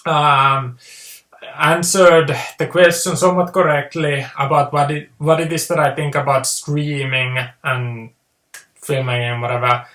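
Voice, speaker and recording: A man's voice: fairly high pitch, fairly even intonation, measured pace, sharp tone. A man hosting his own video channel, rambling through a casual, hesitant monologue. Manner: hesitant, many fillers and restarts. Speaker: video host. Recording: roomy echo.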